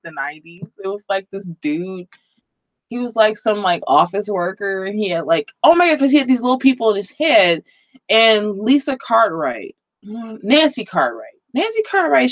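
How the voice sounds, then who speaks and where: A woman's voice: on the high side, a bit bright, no room sound, highs cut off. A woman chatting on a live stream in a rambling, flustered way, often laughing at herself. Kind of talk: casual live-stream chat. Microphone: computer microphone.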